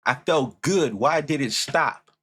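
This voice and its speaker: A man streaming a music reaction, talking casually and swearing often, swinging between loud outrage and low muttering. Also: slow pace, husky.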